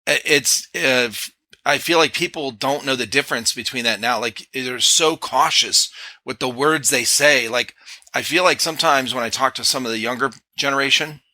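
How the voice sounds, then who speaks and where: Bright, blunt male podcast host. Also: mid-range voice, moderate pace, no room sound. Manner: blunt, profane, laid-back. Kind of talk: casual chat.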